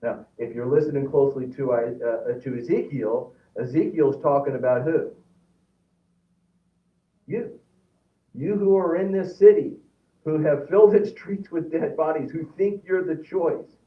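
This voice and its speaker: Male Bible class teacher, slightly high voice, animated and halting, heard from across a roomy church classroom on a tinny, phone-like recording. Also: distant mic. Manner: animated, repeats words when restarting, reads scripture aloud. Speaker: Sunday school teacher.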